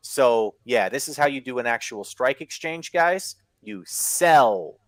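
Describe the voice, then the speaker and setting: A man co-hosting a podcast, giving an excitable, profane play-by-play recap of wrestling matches in casual chat. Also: medium pitch, moderate pace, no echo.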